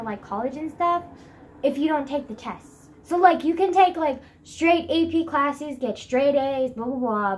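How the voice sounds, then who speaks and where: A woman's voice: sits high, slight background noise, rough recording. A teenage girl vlogging casually about school from her bed, rambling and dramatic with many fillers. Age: teens. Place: bedroom, sitting on a bed.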